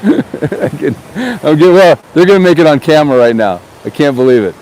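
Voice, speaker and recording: A man's voice: a little high, lively intonation, normal speed, darkish tone, rough recording. A man, a real estate agent, talking in a chatty, rambling way while vlogging outdoors by the ocean on a handheld camera. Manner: rambling, chatty, repeats words. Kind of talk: casual vlog. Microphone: handheld camera on a gimbal. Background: ocean waves and wind.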